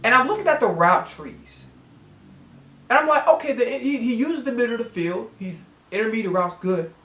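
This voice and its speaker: A man's voice: very high-pitched, lively intonation, moderate pace, a bit bright, reverberant. A man hosting a sports reaction channel, ranting as a fan with heavy cursing and words repeated when he gets worked up. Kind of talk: profane fan rant.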